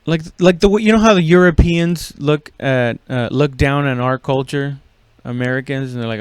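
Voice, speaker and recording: A man's voice: mid-range voice, normal speed, hardly any pauses, smooth, no echo. A man hosting a comedy podcast, rambling and swearing casually with lots of fillers and laughs. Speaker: podcast host.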